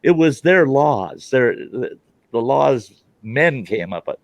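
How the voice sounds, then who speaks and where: A man's voice: mid-range voice, sing-song, slow pace, dry recording, lo-fi sound. A man ranting bluntly in a casual group chat, acting out dialogue as he goes. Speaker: call participant.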